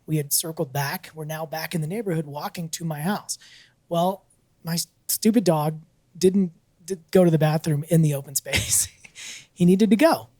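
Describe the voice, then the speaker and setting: A man's voice: fairly high pitch, moderate pace, no echo. A man co-hosting a podcast, telling a story casually, laughing often and acting out what people said. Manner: animated, laughs often, acts out quotes. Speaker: podcast co-host.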